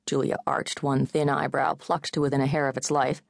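A woman narrating an audiobook novel in a measured, even storytelling manner. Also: extremely low pitch, creaky, no room sound, clean studio sound. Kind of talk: scripted narration.

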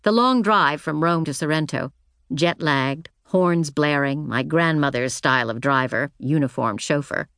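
A woman reads first-person audiobook fiction in a low, steady voice. Her delivery is measured and reflective, and the studio sound is close and dry. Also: smooth, no room sound. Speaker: audiobook narrator. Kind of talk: scripted first-person narration.

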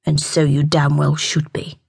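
A woman's voice: on the low side, animated, unhurried, no room sound, clean studio sound. A woman voicing a curt grown man who speaks in clipped, growled orders in an audiobook. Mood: growling.

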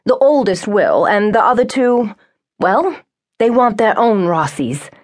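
A woman's voice: medium pitch, sing-song, a little slow. A woman narrator voicing an eager, earnest young woman pleading her case in a job interview. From Brooklyn, New York.

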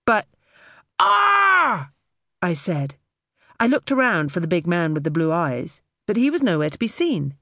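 A woman narrating an audiobook in the first person with expressive storytelling. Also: on the low side, moderate pace, dry recording, clean studio sound.

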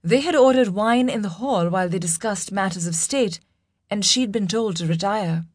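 A woman narrating a fantasy audiobook in a measured, dramatic storytelling manner. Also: medium pitch, dry recording, studio quality.

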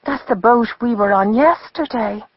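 A woman's voice: fairly high pitch, normal speed, dry recording, highs cut off, voice pushed up. A woman doing an anxious young man with glasses. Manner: anxious, questioning.

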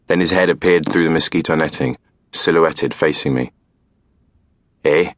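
A man narrating a novel in the first person, calm and measured. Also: extremely low pitch, no room sound. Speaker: audiobook narrator.

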